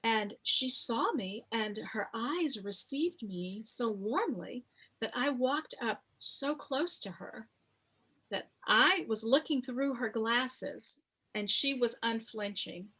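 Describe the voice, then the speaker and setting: Woman, 50s, author in an interview; husky, unhurried storyteller. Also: fairly high pitch, expressive, sharp tone. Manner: slow, reflective storytelling with many pauses. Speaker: author interviewed about her memoir.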